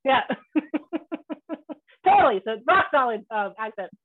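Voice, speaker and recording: A woman with a Scottish accent hosting a casual interview, loud and brash, laughing and swearing freely. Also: on the high side, animated, unhurried, pauses often. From Scotland. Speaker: podcast host. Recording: tinny phone-like line.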